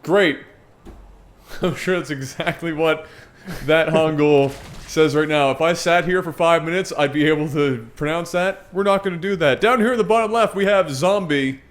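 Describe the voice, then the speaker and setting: A man's voice: fairly high pitch, normal speed. A man casting a video game match in a casual, joking, irreverent way, swearing now and then. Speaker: game commentator. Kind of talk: casual esports commentary.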